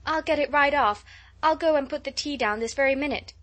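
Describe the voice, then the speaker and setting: A woman's voice: medium pitch, a little fast, fairly bright tone, natural voice. A woman voicing an imaginative, chatty young girl who tells everything dramatically, in an audiobook reading. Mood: pleading. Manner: gushing, breathless storytelling.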